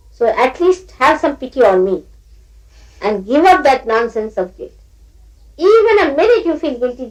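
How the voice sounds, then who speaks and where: A woman's voice: medium pitch, rough recording. An older woman teaching at a spiritual gathering, scolding her listeners playfully and often breaking into laughter as she mimics them.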